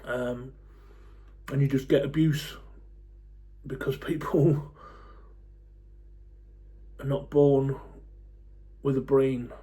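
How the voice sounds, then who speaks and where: A man in his forties, talking to camera in a blunt, fed-up rant, swearing freely and pausing on lots of ums. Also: mid-range voice, fairly even intonation, mellow. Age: 40s. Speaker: football fan YouTuber.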